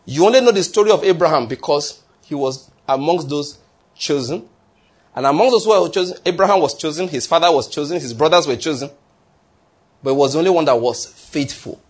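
Preacher guy, kinda husky voice, hammers his points and repeats em, trips on words sometimes. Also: fairly high pitch, brisk. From not from the United States. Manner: emphatic, repeats key phrases for effect. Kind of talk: sermon.

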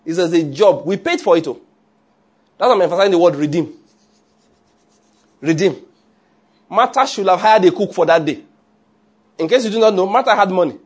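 High-voiced preacher, husky. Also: male voice, expressive, fast, a little mellow. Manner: conversational, keeps checking listeners follow. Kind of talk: sermon.

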